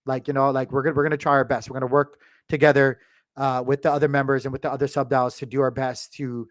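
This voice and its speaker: A man's voice: mid-range voice, level tone, quick pace, dry recording, studio quality. A man hosting a crypto channel, talking casually to his viewers with many restarts and fillers, choked up with emotion.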